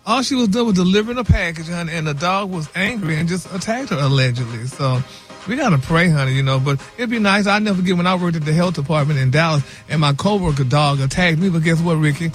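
A man's voice: on the high side, fast talker, faint music behind. A man reading celebrity news on a radio morning show, sassy, dropping "y'all" and "honey" throughout.

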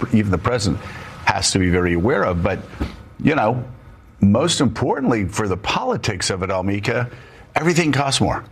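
A man's voice: lowish voice, slight background noise. A man hosting a political talk show, speaking emphatically and rambling with frequent restarts. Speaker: host.

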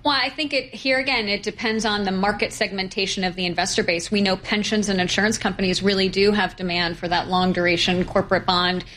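A woman guest on a financial talk show, explaining credit and bond markets in a measured, fluent way with occasional fillers. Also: mid-range voice, steady tone, a bit bright, slight background noise. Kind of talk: financial interview, analytical.

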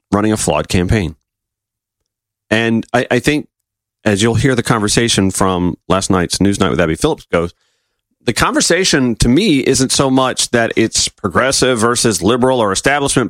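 A man's voice: medium pitch, lively intonation, fairly quick, no room sound. A man speaking in a casual, opinionated political commentary monologue, firing off rhetorical questions.

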